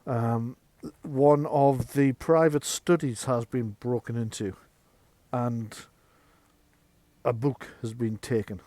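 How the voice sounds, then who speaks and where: Game master, male, conversational narrator with lots of ums, dry close sound, mid-pitched. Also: fairly even intonation, slow pace, mellow, no room sound. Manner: chatty, filler-laden narration.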